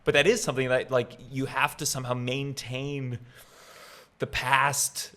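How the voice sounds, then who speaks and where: A man's voice: mid-range voice, little pitch movement, a little slow, bright, forceful tone. A comedian from the United States, talking animatedly as a podcast guest and often restarting his sentences mid-thought. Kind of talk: casual podcast conversation.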